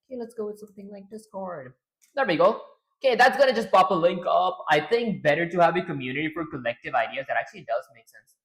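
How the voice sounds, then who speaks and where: A man's voice: high-pitched, animated, fast talker, a bit bright. Rambling man streaming while he codes. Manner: rambling, talks to himself while working. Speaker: streamer and game developer. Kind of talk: casual livestream chat.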